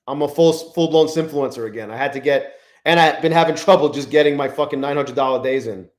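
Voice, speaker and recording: A young man hosts a live-stream while trading, chatting loosely and profanely with his audience in a fairly high voice at a slightly fast pace. Between remarks he greets chat viewers by name, and the room around him echoes.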